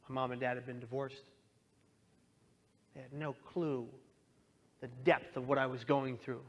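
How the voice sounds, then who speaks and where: A man in his thirties gives an earnest, emotional personal testimony about his own experience, at times voicing the people in his story. His voice sits in the mid-range with a slightly bright quality, and the recording sounds muffled.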